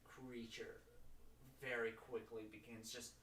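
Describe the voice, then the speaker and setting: Game master narrating in a roomy space. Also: male voice, mid-range voice, little pitch movement, slow. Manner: descriptive, building suspense. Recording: roomy, distant mic with background noise.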